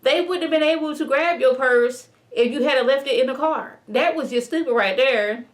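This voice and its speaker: A woman vlogger casually recapping a TV episode, chatty and animated, acting out the characters' lines with lots of "like" fillers. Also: high-pitched, moderate pace. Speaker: TV review vlogger.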